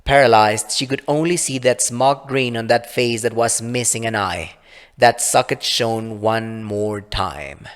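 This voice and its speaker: Guy reading his dark short story, calm and even, reverby audio. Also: medium pitch, a little slow, smooth. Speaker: author and reader. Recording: long reverb.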